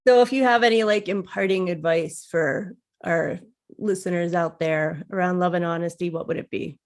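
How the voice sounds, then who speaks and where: Reflective woman with a lowish voice. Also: moderate pace. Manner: reflective, earnest. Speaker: podcast co-host. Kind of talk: casual chat.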